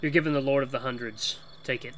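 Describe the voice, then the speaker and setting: A man's voice: mid-range voice, steady tone, quick pace, noisy background, lightly acted. A man voicing a weary male mouse from a video game in a put-on Boston accent, musing and conspiratorial. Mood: shaken. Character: weary working-class male mouse, tavern dweller.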